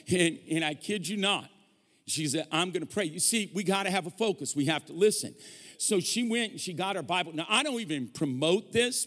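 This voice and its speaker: This man's voice is high and fairly bright as he delivers a sermon as a visiting pastor. The church hall gives everything a long reverb. He is an animated storyteller who acts out quoted voices and trades jokes with the congregation.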